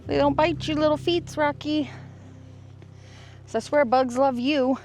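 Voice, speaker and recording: A woman's voice: high voice, fairly even intonation, unhurried, a little mellow, faint music behind. A woman vlogging outdoors in a casual way, gushing at her dogs in baby talk. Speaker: travel vlogger. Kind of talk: casual vlog narration. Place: outdoors near a river and highway.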